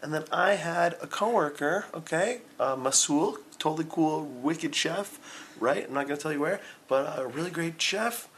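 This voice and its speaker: Animated male comedy podcast host. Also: a little high, moderate pace, a little hiss or hum. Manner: animated storytelling with laughs and quoted voices.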